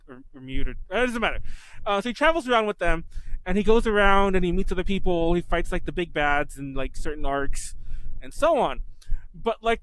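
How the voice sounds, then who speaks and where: A man chatting casually on a podcast, his voice sitting high and swinging up and down with animated energy. He tells scenes with blunt swearing and laughs. A faint hum sits under the recording. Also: poor audio. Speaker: podcast co-host.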